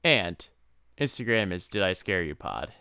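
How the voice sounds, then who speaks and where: Young guy cohosting a podcast, low-ish bright voice, super crisp and dry, keeps laughing and restarting. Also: sing-song, unhurried, no echo. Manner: laughs often, stammering restarts. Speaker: podcast co-host. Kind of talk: casual chat.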